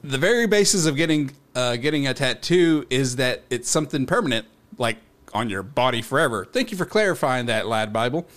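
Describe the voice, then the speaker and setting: A man's voice: mid-range voice, lively intonation, brisk, hardly any pauses, a bit bright. A man co-hosting a podcast, casually reading a news story aloud, laughing, swearing and tripping over words. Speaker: podcast co-host.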